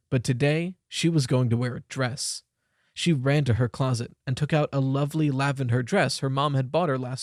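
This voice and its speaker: A man's voice: medium pitch, darkish tone, dry recording, clean studio sound. Young man narrating an audiobook. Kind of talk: scripted narration.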